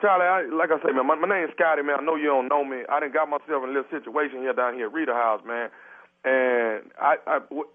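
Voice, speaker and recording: A man's voice: mid-range voice, quick pace, natural voice. A man playing a sheepish house sitter stuck without toilet paper in a prank call, stammering and hesitant. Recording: tinny phone line.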